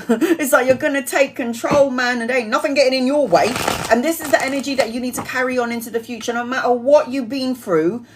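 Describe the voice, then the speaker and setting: A woman's voice: high voice, brisk, background noise. A woman, giving a live-stream tarot reading in a chatty, blunt way and laughing often. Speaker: tarot reader.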